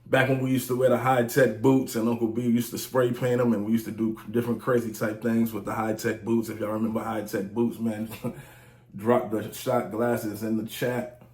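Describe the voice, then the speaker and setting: A man's voice: fairly low pitch, level tone, normal speed, a little mellow. A man in his forties telling stories in a casual vlog, loose and slangy, often saying "you know what I'm saying". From United States. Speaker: vlogger, music reviewer. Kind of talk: casual storytelling monologue. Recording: roomy echo.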